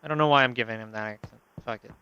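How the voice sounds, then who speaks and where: A man's voice: mid-range voice, very fast, muffled recording, very noisy. A man giving casual gameplay commentary, thinking aloud and swearing freely. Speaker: let's play host.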